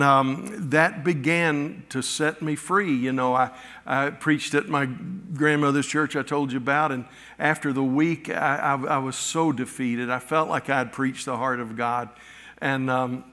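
A middle-aged male pastor preaching a sermon, telling personal stories with halting restarts and acted-out quotes. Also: mid-range voice, pushed and bright. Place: church sanctuary. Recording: long reverb of a church hall.

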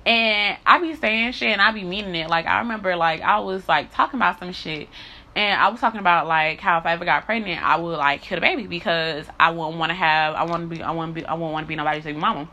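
A woman's voice: fairly low pitch, fast talker, sharp tone. A woman talking bluntly in a candid monologue, swearing often, repeating herself and building into heated rants. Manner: profane, blunt and repetitive.

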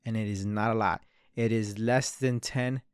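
A man's voice: lowish voice, fairly even intonation, moderate pace, clear, resonant tone, dry recording, clean studio sound. A man in his early twenties telling a long story in rambling casual talk, swearing a lot and calling the listener bro and dude. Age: 20s. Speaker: podcast host.

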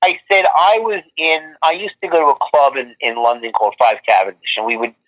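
A man's voice: a little high, fairly quick, fairly bright tone. A man, a photographer guest, telling long stories in a casual interview, rambling with many restarts and fillers, heard over a remote call. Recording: muffled lo-fi line.

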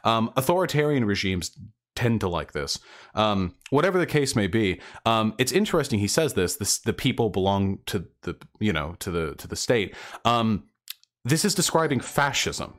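Dude doing a reaction video, kinda low voice, sarcastic and snarky about the clips. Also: male voice, big pitch swings, moderate pace, a bit bright. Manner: sarcastic, rebutting. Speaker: commentary video host. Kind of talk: reaction commentary.

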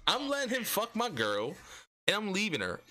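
A man's voice: high-pitched, huge pitch swings, moderate pace, bright, forceful tone, slight background noise. A young man co-hosting a podcast, trading blunt, profane banter and repeating himself for emphasis. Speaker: podcast co-host.

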